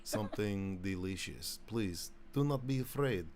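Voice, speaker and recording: A man doing a Russian host who is far too hospitable, speaking in a heavy put-on Russian accent and clipped, article-dropping English. The voice sits fairly low. It is played as a comic impression on a podcast, with a faint hiss behind it. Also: a little slow, a little mellow, lightly acted. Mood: menacingly hospitable.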